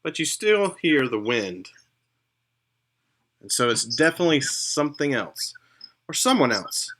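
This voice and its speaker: A man narrating a tabletop game as game master, unhurried, with pauses and fillers. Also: mid-range voice, fairly bright tone.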